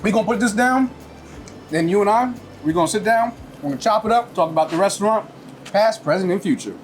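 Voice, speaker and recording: A man's voice: high-pitched, quick pace, a little hiss or hum. Hyped-up young man tasting pizza. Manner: excitable, hyped food reactions. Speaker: food show host. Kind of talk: upbeat food-tasting show banter.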